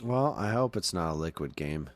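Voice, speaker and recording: A tired man co-hosting a casual podcast, low-key with dry, self-deprecating humor. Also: expressive, moderate pace, no echo. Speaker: podcast co-host. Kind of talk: casual chat.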